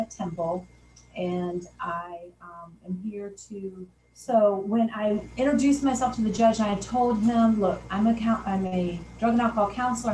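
A woman's voice: mid-range voice, a little mellow, recorded from a distance. A woman in her fifties tells her own story plainly, a professor who acts out the lines she quotes. She sits some way from the mic. The room is echoey, with a faint hum of background noise. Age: 50s. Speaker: sociology professor. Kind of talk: personal testimony.

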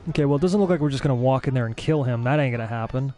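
A young man giving casual let's-play commentary as a gaming streamer, excitable and easily frustrated. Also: medium pitch, racing. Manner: excitable, frustrated, swears mildly.

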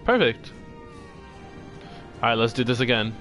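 Slow-talking casual gaming commentator man. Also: mid-range voice, sing-song. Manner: casual, loud, jokey. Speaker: gameplay commentator. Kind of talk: let's-play commentary. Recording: game music loud behind. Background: loud game music.

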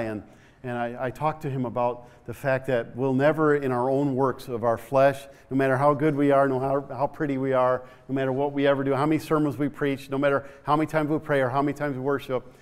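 A middle-aged male pastor telling a story in a church sermon, repeating his words and rising to shouts. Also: medium pitch, fairly even intonation, fairly quick, clean tone.

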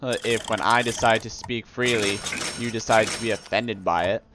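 A man's voice: lowish voice, steady tone, moderate pace, noisy background. A young man ranting and rambling while commentating on his video game play. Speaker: let's play gamer. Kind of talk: casual gameplay commentary.

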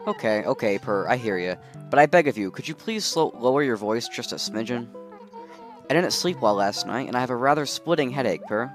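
A vain, snooty female cat villager from a video game who looks down on everyone, voiced by a man reading her lines. The pitch sits in the middle and the tone turns haughty and mocking. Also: lively intonation, a little fast, faint music behind, lightly acted.

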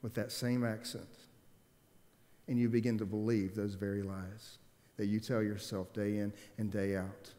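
A man's voice: on the low side, little pitch movement, moderate pace, dark tone. A man preaching a sermon, emphatic, repeating key phrases and putting questions to the congregation. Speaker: pastor. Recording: long hall reverb.

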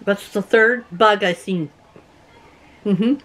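A woman's voice: mid-range voice, slow, a bit bright. A middle-aged woman from Canada chatting casually to her viewers from her rural home, telling stories and laughing often. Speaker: vlogger. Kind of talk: casual chat to camera.

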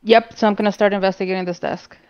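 A woman's voice: medium pitch, fairly even intonation, fast, clear, resonant tone, dry recording, highs cut off. A woman playing a tabletop game, thinking aloud and asking questions, over online voice chat. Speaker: player.

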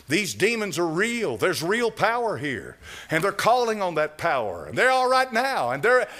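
The man preaching is a pastor whose sermon turns fiery and dramatic, alternating loud cries with quiet asides, and he chuckles now and then.

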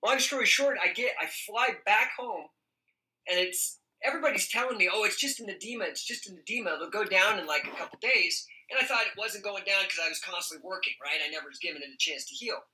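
Profane, animated man in a roomy room. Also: sits high, fast talker. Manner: profane, animated, laughs often. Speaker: podcast guest. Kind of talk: casual storytelling. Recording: roomy echo.

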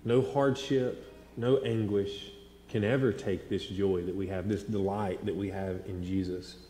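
A man in his thirties preaching a sermon, telling stories with animated swings between loud and hushed delivery. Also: low-pitched, a little slow, a little hiss or hum. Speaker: pastor. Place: large church sanctuary. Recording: echoey hall with long reverb.

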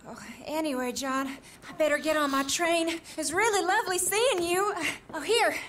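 An actress playing a polite, bubbly young woman in a video game, who jokes warmly about herself. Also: extremely high pitch, normal speed, a little hiss or hum. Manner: polite, bubbly, self-mocking. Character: cheerful young woman, genteel, self-deprecating.

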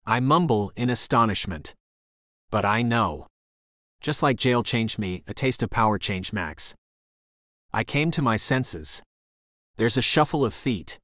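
A man narrating a first-person romance thriller audiobook in a dramatic, expressive style. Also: fairly low pitch, unhurried, long pauses, no echo, clean studio sound.

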